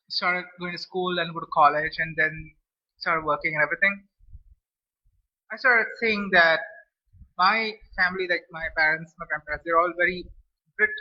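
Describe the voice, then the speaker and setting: A man from India, chatting casually to camera as a food vlogger, rambling and restarting his phrases. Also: sits high. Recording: dull lo-fi recording.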